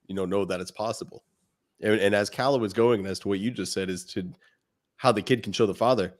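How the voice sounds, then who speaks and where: A man co-hosting a podcast in casual chat, animated and acting out what other fathers say. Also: on the low side. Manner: animated, acts out quoted lines. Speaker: podcast co-host.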